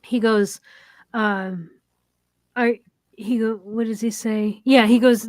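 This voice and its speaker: Chatty higher-voiced woman recapping. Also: fairly even intonation, slow, long pauses, no room sound. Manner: retells scenes with many ums and quoted lines. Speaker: podcast co-host. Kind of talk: casual chat recapping a TV episode.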